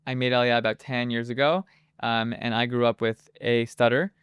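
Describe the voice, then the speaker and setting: A man's voice: medium pitch, little pitch movement, normal speed, a bit bright, smooth, dry recording. A man speaking as an interview guest, hesitant and full of fillers and restarts. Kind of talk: casual interview talk. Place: moved to Israel as an adult.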